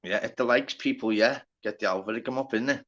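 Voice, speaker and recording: A man's voice: mid-range voice, brisk, a bit bright, lo-fi sound. A man with a Liverpool accent hosting a casual live stream, chatty and sweary, greeting viewers by name. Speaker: livestream host.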